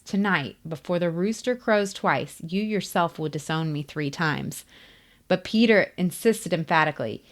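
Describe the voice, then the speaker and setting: A woman reading scripture aloud in a steady, deliberate way during a Bible lesson. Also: lowish voice. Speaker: scripture reader.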